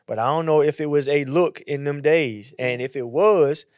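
Animated pastor man, slightly high voice. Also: normal speed, no room sound, clean studio sound. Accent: Southern US. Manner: animated, acts out quotes in a higher voice. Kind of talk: casual faith talk.

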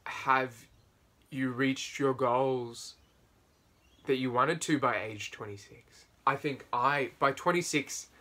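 A man in his twenties chatting casually with a friend, playful and teasing, with animated asides. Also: mid-range voice, slow pace. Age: 20s. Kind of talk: casual chat between friends.

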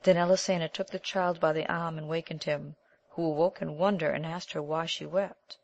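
A woman reads an old tale aloud as an audiobook narrator, with a measured, even delivery. Her voice sits on the lower side for a woman. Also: highs cut off.

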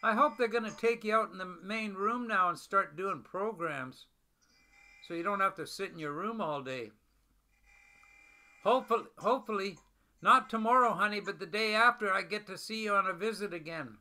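Older man, tender, bright high voice. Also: normal speed. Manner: gentle, affectionate, repeats endearments. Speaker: husband on a video call. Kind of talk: tender video call chat. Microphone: video call.

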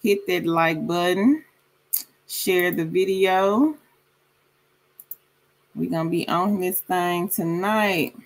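A woman hosts a relaxed livestream, reading viewers' comments one by one. She talks slowly and drags out her words, then jumps up into a high sing-song voice to greet people by name. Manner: slow, drawn-out delivery. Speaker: livestream host.

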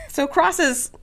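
A woman co-hosting a casual history podcast, telling the story with an animated, joking manner. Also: high voice, vocal fry. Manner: animated, laughing, acts out voices. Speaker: podcast co-host.

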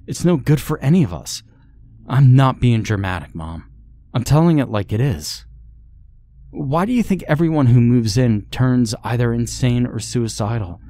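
A man's voice: fairly low pitch, normal speed, warm tone, dry recording, close to an everyday voice. A man reading the part of a frightened, tearful young woman who fled her home at night. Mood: pleading. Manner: pleading, tearful. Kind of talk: scripted horror story reading.

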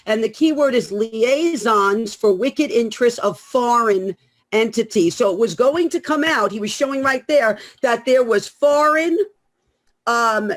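A woman from the Bronx with a New York accent, a guest in a conversational interview, speaking emphatically and reading prophecies in a solemn cadence. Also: a little high.

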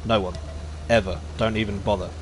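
A man giving casual, rambling commentary while streaming a game, chatting easily and getting excitable when the action heats up. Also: on the low side, a little fast, slight background noise. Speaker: gaming streamer.

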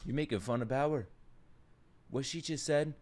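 A man hosting an anime reaction video in casual commentary, excitable and talking straight to his viewers, swearing freely and laughing often. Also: mid-range voice, moderate pace.

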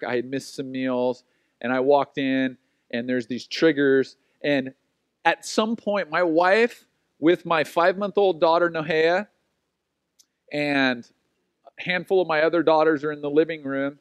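Pastor, 40s male, high tenor, dry close sound, animated self-mocking storyteller. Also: a little slow, smooth, dry recording. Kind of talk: sermon with personal stories.

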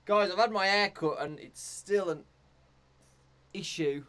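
A young man from England giving live commentary as he plays a horror game, jumpy and prone to yelping and shouting in fright. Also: high voice, measured pace. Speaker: streamer.

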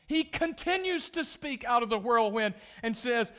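A man with a high voice preaches a sermon as a pastor. He reads scripture aloud and then explains it in plain words, leaning hard on key words and adding asides. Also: expressive, normal speed, few pauses, clear, resonant tone. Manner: emphatic, with loud stressed words and asides.

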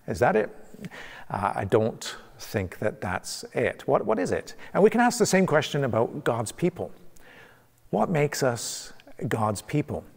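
A man's voice: mid-range voice, very animated, unhurried, creaky. A man preaching a conversational sermon as pastor, from Canada, with frequent restarts and fillers. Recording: long church reverb.

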